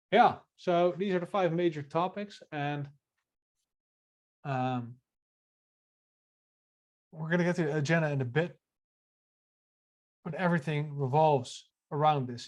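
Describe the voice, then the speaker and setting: A man's voice: fairly high pitch, a little mellow. A man co-hosting a casual podcast, joking around and reading text aloud, often stumbling over his words. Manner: jokey, stumbles and repeats words. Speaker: podcast co-host.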